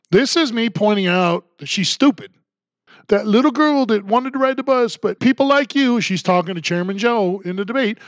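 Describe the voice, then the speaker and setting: A man's voice: high voice, no echo, dull audio. A man hosting a political commentary podcast, ranting in a sarcastic tone. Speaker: podcast host.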